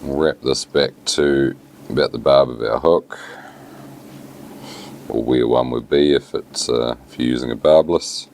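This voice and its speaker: A New Zealand man explains how to tie a fly in an easygoing, unhurried way, dropping plenty of ums along the way. His voice sits extremely low with a gravelly rasp. Faint background noise hums under it. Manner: relaxed, plain-spoken, lots of fillers. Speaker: fly tying instructor. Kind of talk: casual step-by-step tutorial.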